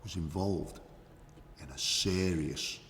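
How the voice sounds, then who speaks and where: An actor playing a boastful, crude hitman who tells his story with swagger, profanity and drawn-out emphasis, in an acting class monologue. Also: low voice, a bit bright, in a large hall, a little hiss or hum, exaggerated voice. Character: boastful crude male hitman telling war stories.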